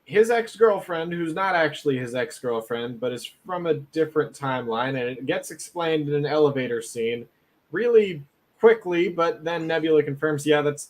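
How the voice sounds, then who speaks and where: A man co-hosting a casual podcast chat, earnest and talking through his points at length. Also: fairly high pitch. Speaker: podcast co-host.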